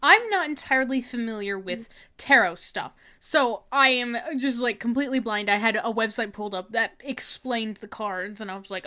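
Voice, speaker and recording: A woman's voice: a little high, moderate pace, few pauses, sharp tone. A woman streamer chatting casually on a livestream, rambling and giggling.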